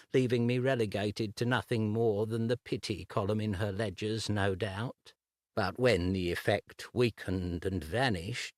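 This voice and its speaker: A man's voice: fairly low pitch, dry recording, studio quality, natural voice. A man voicing a grieving, stammering young suitor. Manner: slow, halting, stammering.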